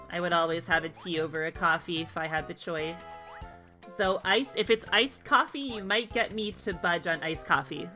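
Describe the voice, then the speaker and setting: A woman's voice: lowish voice, pushed and bright. A woman streaming a video game, chatting with viewers in a playful, giggly way. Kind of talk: casual gaming stream chat.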